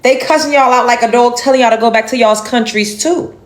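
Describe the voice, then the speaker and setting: A woman's voice: fairly high pitch, brisk. A woman giving an emphatic, indignant reaction commentary on a video clip, with exasperated sighs.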